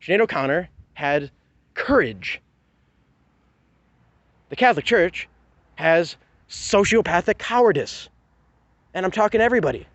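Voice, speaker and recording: A man's voice: high voice, animated, unhurried, long pauses, fairly bright tone, no room sound, dull audio. A man venting in a heated, profane rant to camera, sarcastic and full of rhetorical questions. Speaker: vlogger. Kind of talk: angry personal rant to camera.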